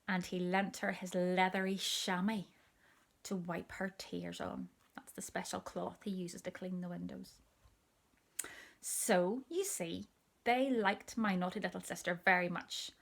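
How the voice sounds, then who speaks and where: A woman reading a children's story aloud in a gentle, intimate way with soft asides. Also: mid-range voice, unhurried, vocal fry.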